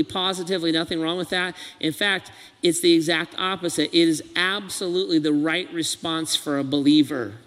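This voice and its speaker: A pastor delivers an earnest, animated sermon. His voice sits high and sounds bright and forceful. A long reverb from the hall trails behind him. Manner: earnest, animated preaching with acted quotes.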